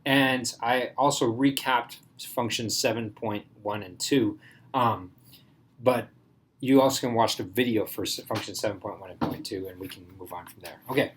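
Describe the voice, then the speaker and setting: A man's voice: lowish voice, moderate pace, husky. A man teaching a math class in a casual way, thinking aloud and checking in with his students.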